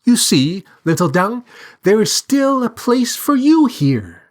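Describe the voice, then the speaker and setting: A man's voice: high-pitched, very animated, takes it slowly, voice pushed up, full character voice. A man voicing a talking bird in a storybook reading, soothing and condescending. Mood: reassuring. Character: talking bird, patronizing consoler.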